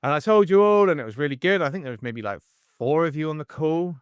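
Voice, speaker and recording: A man in his forties hosting a casual podcast chat, telling stories in an animated way and acting out the people in them. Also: a little high, fast talker, clean tone, no echo. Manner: animated storyteller, acts out the voices in his stories. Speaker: podcast host and coach.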